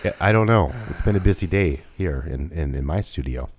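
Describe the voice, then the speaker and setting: A man's voice: very deep voice, animated, fairly quick, slight background noise. A man in his fifties co-hosting a podcast from his home studio, chatting loosely and laughing as he rambles. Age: 50s. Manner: rambling, laughs often, restarts. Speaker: podcast co-host. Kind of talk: casual chat.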